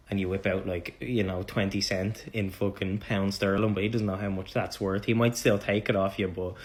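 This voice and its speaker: A man's voice: deep voice, little pitch movement, moderate pace, hardly any pauses. A young man with a Dublin accent gives mock-serious advice in a satirical comedy monologue, swearing casually. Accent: Dublin Irish.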